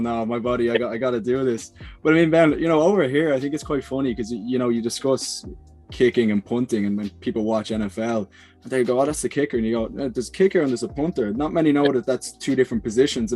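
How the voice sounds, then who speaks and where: A man's voice: medium pitch, darkish tone. A man hosting a casual sports interview, asking chatty, leading questions. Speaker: podcast host.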